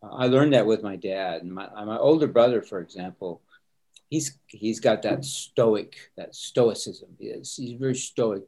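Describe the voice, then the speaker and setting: An older man who serves as a pastor talks in a low, settled voice. He is earnest and open about emotion, and a light laugh comes easily to him. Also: unhurried, dark tone. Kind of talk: candid interview talk.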